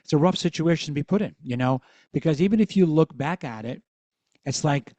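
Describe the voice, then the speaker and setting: A man's voice: a little high, animated, brisk, dark tone, no echo. A middle-aged man hosting a podcast, talking in a frank, reassuring and reflective way. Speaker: podcast host. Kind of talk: conversational interview.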